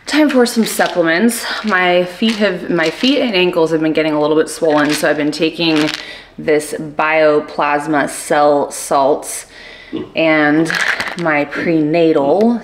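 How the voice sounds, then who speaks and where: A woman's voice: deep voice, steady tone, takes it slowly, a little hiss or hum. A young, heavily pregnant woman vlogging casually at home, chatty and giggly with lots of fillers. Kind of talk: casual vlog talk to camera.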